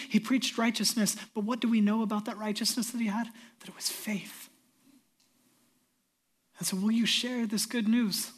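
A middle-aged male pastor preaching a sermon, swinging from loud emphatic peaks down to hushed near-whispers. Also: sits high.

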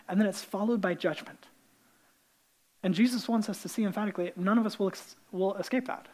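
A man preaching a sermon in a casual, animated way, with many fillers and restarts. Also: sits high, poor audio. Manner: animated storytelling, acting out the characters' lines. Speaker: pastor.

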